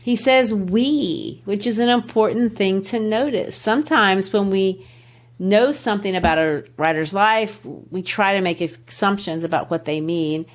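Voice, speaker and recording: A middle-aged woman teacher hosting a literature podcast. She explains a poem in a teacherly, emphatic way, and her voice sits at an ordinary middle pitch. She stretches out key words and rushes through asides. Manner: teacherly, emphatic, shifts pace to stress words.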